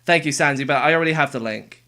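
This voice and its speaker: A streamer giving casual live reaction commentary, excitable, with quick exclamations and casual slang aimed at chat. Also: medium pitch. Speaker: livestreamer.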